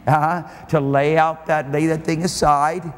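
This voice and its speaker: Guy preaching hard at church, kinda high voice, long echo off the hall, faint hiss. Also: little pitch movement. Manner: fervent, emphatic preaching with drawn-out phrases. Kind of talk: sermon. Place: church service.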